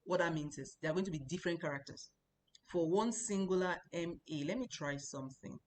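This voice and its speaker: A woman's voice: lowish voice, a little fast, slight background noise. A woman teaching a Chinese language lesson, explaining patiently and repeating sounds for practice. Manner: explanatory, repeats words for practice, chatty asides.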